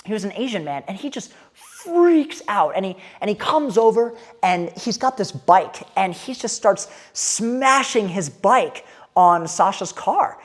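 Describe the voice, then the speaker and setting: A woman telling a story in a casual, candid and animated way, with an irreverent edge. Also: mid-range voice, a little slow.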